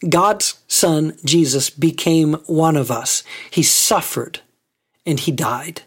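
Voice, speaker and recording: A man's voice: fairly high pitch, slow pace, husky. A man preaching a sermon as a pastor, conversational and full of rhetorical questions.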